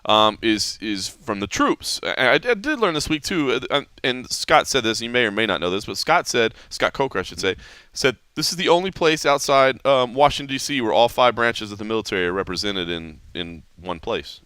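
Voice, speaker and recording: A male podcast host with a bright, forceful voice that comes across smooth and resonant. He talks casually and animatedly, often restarting his sentences. The sound is dry and close. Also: medium pitch, normal speed, no echo. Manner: animated storytelling with many restarts. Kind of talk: casual sports chat.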